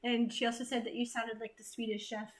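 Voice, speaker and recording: A woman with a high voice hosts a relaxed live-stream conversation. She reads viewer comments out loud and laughs easily between them. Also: brisk. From United States. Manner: reads chat comments aloud, laughs often. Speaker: host. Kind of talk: casual live-stream chat.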